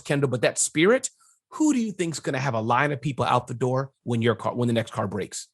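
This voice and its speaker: A middle-aged man, an entrepreneur guest, talking business advice in an energetic, emphatic way and ticking off numbered points. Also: mid-range voice, a little fast. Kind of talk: casual business interview.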